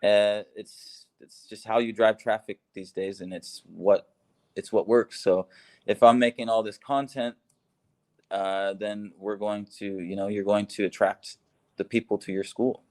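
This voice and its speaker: A man's voice: fairly low pitch, steady tone, a little slow, darkish tone. A man co-hosting a casual conversation, upbeat and enthusiastic, laughing easily. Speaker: co-host, expat living in Laos.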